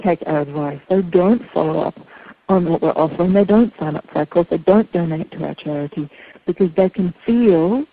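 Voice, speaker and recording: A woman's voice: on the low side, normal speed. Woman, speaking coach, earnest teaching talk, acts out worried thoughts, phone-quality audio. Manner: earnest, expressive, acts out anxious inner voices. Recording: tinny phone-like line.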